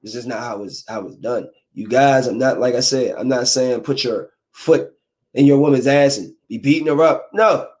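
A young adult man in a casual, preachy rant of dating advice, slangy and animated, slipping into quick mock voices. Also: medium pitch. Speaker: vlogger giving dating advice.

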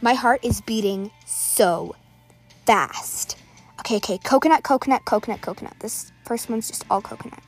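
A female gaming creator narrates her play as it happens, with an excitable, slightly high voice. She rattles off items in quick bursts and now and then sinks into a nervous whisper, with soft game music playing underneath. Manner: excitable, calls out items rapidly, drops to whispers. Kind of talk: live gameplay commentary.

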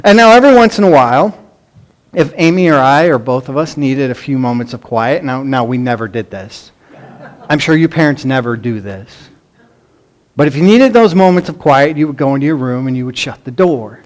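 A man's voice: mid-range voice, moderate pace. A middle-aged man preaching a sermon, telling stories animatedly and mimicking children's pleading voices. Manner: animated storytelling, acts out pleading children in a raised voice. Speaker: pastor.

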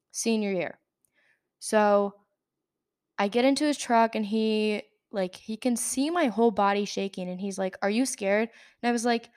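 In a clean studio recording without room sound, a young woman with a mid-range voice hosts her podcast. Her personal story wanders casually, dotted with laughter and plenty of filler words.

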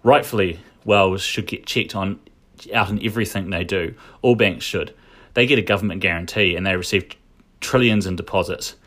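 A man recaps a shareholder meeting in casual spoken commentary, thinking aloud with frequent restarts and asides. His voice is low and a bit bright, at a moderate pace.

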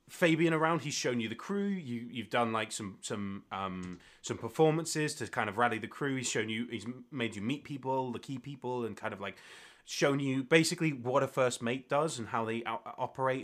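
A man's voice: medium pitch, fairly bright tone. A man narrating as game master in a tabletop role-playing game, rambling with many fillers.

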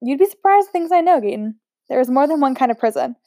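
A woman's voice: high voice, lively intonation, fast talker, warm tone, pitched above the performer's own voice. A woman reading aloud, voicing a guarded, defiant young woman in a storybook.

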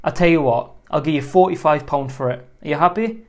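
A man quoting a kind woman customer, warm and insistent, a touch higher than his own voice. She comes across as friendly and sincere. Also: a little fast, natural voice. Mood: grateful.

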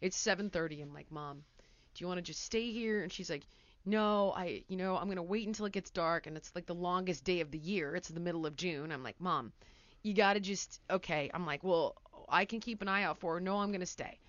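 A woman hosting a podcast, telling a story in casual chat, animated and acting out quotes loudly. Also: lowish voice, a little fast, dry recording, highs cut off. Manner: animated, breaks into laughter, acts out quotes loudly. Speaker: podcast host.

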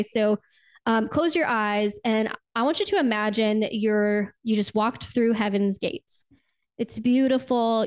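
A woman hosting a faith podcast, talking earnestly and conversationally, often asking "right?" and slowing down to stretch her words for emphasis. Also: on the high side. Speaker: podcast host. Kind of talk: faith podcast talk with guided prayer.

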